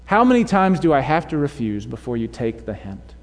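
A young man preaching a sermon, animated and storytelling, acting out voices in the quotes he tells. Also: mid-range voice, brisk. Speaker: pastor. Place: church sanctuary. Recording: long reverb of a church hall.

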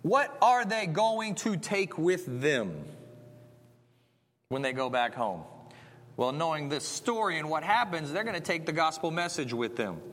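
A man's voice: fairly high pitch, big pitch swings, a little slow, a bit bright. A man preaching a conversational sermon, chatty and tossing in tag questions and restarts as he goes. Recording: long hall reverb.

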